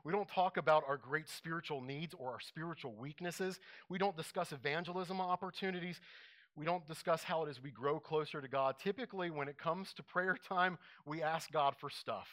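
A man's voice: on the high side, moderate pace, a bit bright. A man preaching a conversational sermon to a congregation, often asking them questions.

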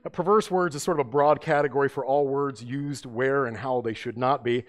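A man's voice: medium pitch, fairly even intonation, a little fast. A man preaching an emphatic sermon as pastor, asking his listeners rhetorical questions.

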